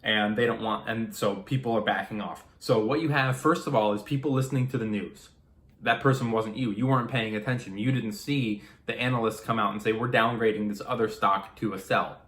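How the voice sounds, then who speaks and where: A man, a day trader, casually explaining to camera how stocks rise and fall, animated and acting out a trader's thoughts, with some swearing. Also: on the low side, fairly quick, roomy sound.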